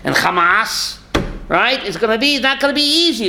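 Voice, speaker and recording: A man's voice: very high voice, a little fast, sharp tone. A man giving a rabbi's Torah class, emphatic, firing rhetorical questions and calling on listeners by name.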